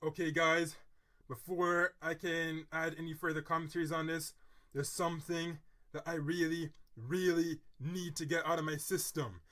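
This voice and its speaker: A man with a fairly high, bright and forceful voice reads an article aloud on his vlog. He breaks in with dramatic asides and earnest, moralizing commentary. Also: fairly even intonation, moderate pace. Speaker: vlogger. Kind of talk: reading an article aloud, then personal commentary.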